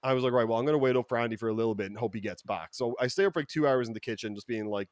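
A man with an Irish accent telling a story on a podcast in a lively, profane way, acting out the people he quotes. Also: mid-range voice, racing, hardly any pauses, clear, resonant tone, dry recording. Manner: animated, profane, quotes people in mock voices. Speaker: podcast regular. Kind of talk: casual storytelling. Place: podcast studio.

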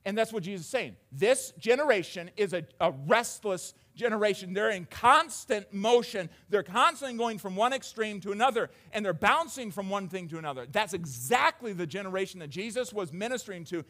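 A man, a father of young children, preaching a sermon in a conversational way, often repeating words and swinging between hushed and raised delivery. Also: high voice, expressive, a little fast, hardly any pauses.

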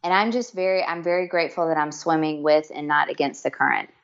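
Talking fast in a low, creaky voice, a middle-aged guest tells emotional, earnest stories in conversation, full of fillers and false starts. The audio is dull.

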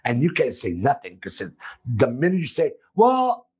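A man from Italy, a restaurant owner, talking emphatically and loudly, repeating himself in an animated interview. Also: mid-range voice, fairly quick, husky. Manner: emphatic, repetitive, loud and expressive.

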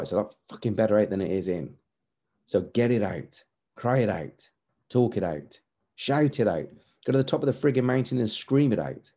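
Deep, mellow-voiced man in his forties. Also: slightly rough. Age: 40s. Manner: earnest, candid, repetitive emphasis. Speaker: podcast host. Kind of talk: motivational podcast monologue.

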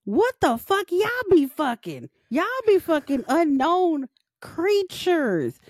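A young woman co-hosting a podcast, ranting loudly and joking with lots of profanity. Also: sits high, sing-song, slow, no echo. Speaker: podcast co-host. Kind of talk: casual chat.

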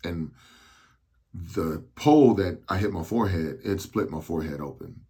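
A man in his thirties, hosting a podcast, tells a personal story slowly and haltingly because he is on medication, with frequent restarts. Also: low-pitched, animated, mellow, slightly rough. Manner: slow, halting delivery with restarts. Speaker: podcast host.

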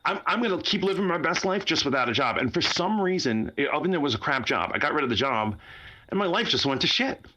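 A man's voice: fairly high pitch, lively intonation, fast talker, sharp tone, a little hiss or hum. A man hosting a podcast, chatting casually, rambling and laughing often at his own jokes. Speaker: podcast host.

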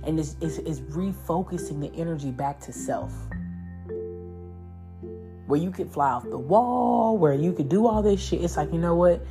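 A woman giving a casual, profane spiritual tarot reading, animated and acting out voices. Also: low voice, a little slow, over music. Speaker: tarot reader.

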